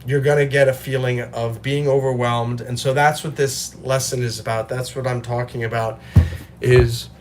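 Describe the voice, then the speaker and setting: A man in his forties hosting a motivational livestream, talking earnestly and often clearing his throat. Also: mid-range voice, level tone, moderate pace, background noise. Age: 40s. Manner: earnest, reads and answers chat. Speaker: livestream host.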